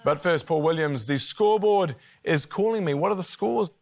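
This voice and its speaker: Deadpan New Zealand game show host. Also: male voice, on the high side, moderate pace, gravelly. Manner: deadpan, dry and mock-grand. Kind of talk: scripted comic links to the break. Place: TV studio with live audience. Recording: loud studio audience and room noise.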